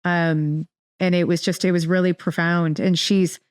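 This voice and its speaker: A woman's voice: on the low side, flat delivery, measured pace, clean tone, dry recording, studio quality. A woman guest telling a personal story in a casual interview, rambling with many restarts and fillers. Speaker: podcast guest.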